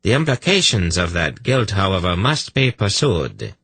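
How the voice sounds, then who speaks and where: A man's voice: low voice, wildly swooping pitch, moderate pace, fairly bright tone, breathy edge, dry recording, heavily acted. A man voicing a strident, zealous priest inquisitor who declaims with self-righteous certainty.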